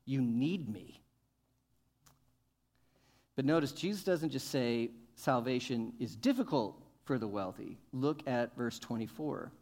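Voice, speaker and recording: A male pastor preaching a sermon, asking questions and building to emphatic, loud points. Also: mid-range voice, a little slow. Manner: rises to emphatic, loud peaks, asks the congregation questions.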